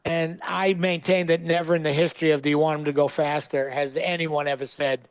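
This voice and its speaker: Male comic guest, higher-pitched voice, dry studio sound, punchy storytelling delivery. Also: flat delivery, brisk, clear, resonant tone, no echo. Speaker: guest comedian. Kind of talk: animated storytelling.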